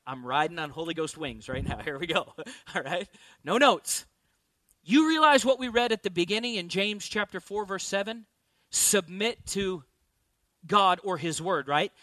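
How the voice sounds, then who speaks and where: A man's voice: high voice, sharp tone, no echo. A man preaching a sermon, emphatic, repeating key lines and asking the congregation rhetorical questions.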